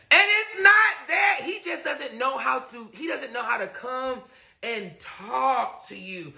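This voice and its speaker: A man with a high, sharply bright voice tells a story on a live stream. He is animated and laughs as he goes, talking straight to his viewers. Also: unhurried, creaky.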